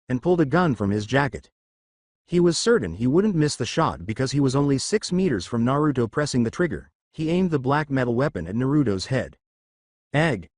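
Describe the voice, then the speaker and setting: A man narrating a fan fiction story in an even storytelling manner. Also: medium pitch, no room sound, clean studio sound.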